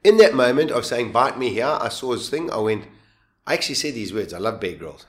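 A man's voice: mid-range voice, sing-song, brisk. Man telling a vivid story. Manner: vivid, acts out his own lines and voices, laughs while telling. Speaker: guest. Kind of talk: animated storytelling.

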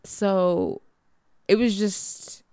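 A woman telling a personal story in casual chat, animated and profane, acting out the lines of the people in it. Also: mid-range voice, very slow, clear, resonant tone, dry recording. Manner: animated, profane, acts out quoted dialogue.

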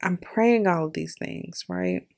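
Young female podcaster, storytelling monologue, candid, animated, lots of laughs. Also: lowish voice, slow, gravelly. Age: young adult. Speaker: podcast host. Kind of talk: personal storytelling.

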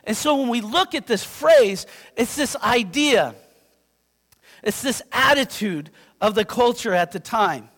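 A man from Yakima preaching a sermon as pastor, animated and conversational, checking in with his listeners. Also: extremely high pitch, a little slow. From Yakima, Washington. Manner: animated, conversational, keeps asking "right?". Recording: long reverb in a hall.

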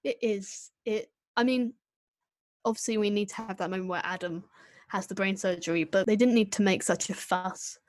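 A woman co-hosting a casual podcast, giving an opinionated, animated critique with quick asides. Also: mid-range voice. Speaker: podcast co-host reviewing an episode. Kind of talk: casual chat.

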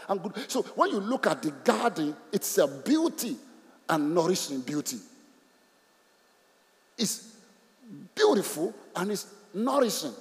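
A man preaches with a high, lively voice that swings widely in pitch. He repeats himself for emphasis and keeps asking the congregation questions, breaking into laughs. His voice rings through the long reverb of a large hall. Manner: animated, repeats phrases, asks the congregation questions, laughs often. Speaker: pastor. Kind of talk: sermon.

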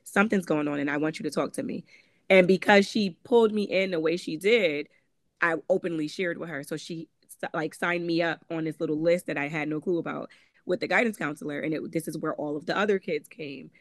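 A woman's voice: low voice, fairly even intonation, fairly quick. A woman with a Connecticut accent recounts her past as an interview guest, speaking candidly with plenty of "um" and "like". She slips into quoted voices as she tells it. The sound is dry, with no room echo. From Connecticut, USA. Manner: candid, conversational, frequent "um" and "like", acts out quoted voices. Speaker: guest author. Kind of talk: personal storytelling in interview.

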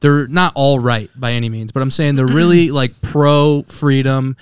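A man's voice: medium pitch, fairly even intonation, normal speed, smooth, no room sound. A man co-hosting a casual podcast from a basement studio, ranting at length and swearing freely. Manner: profane, rambling rants. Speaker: podcast co-host.

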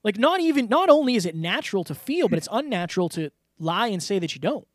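Man, high-pitched voice, earnest, candid, casual interview talk, dry recording. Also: sing-song, fast talker, dry recording. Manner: earnest, open, filler-heavy. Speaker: podcast guest.

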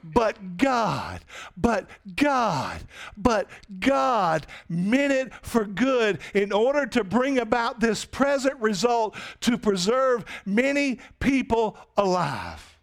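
An earnest, plain-spoken grown man who was wronged by his brothers, as a preacher acts him out. He speaks slowly and his voice sits high. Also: very animated, creaky, exaggerated voice. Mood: reassuring. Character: wronged younger brother, grown man, stern then forgiving.

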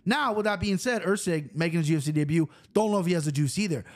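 A man hosting a fight-betting show, talking in a rambling, profane, animated way. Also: on the high side, quick pace. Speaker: host of a fight-picks show. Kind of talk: casual betting chat.

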